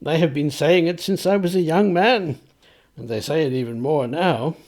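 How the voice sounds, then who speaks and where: A man's voice: on the high side, moderate pace, darkish tone, close to an everyday voice. A man reading aloud, voicing a frank, wry older clergyman of the 1700s who speaks in a knowing, confiding way.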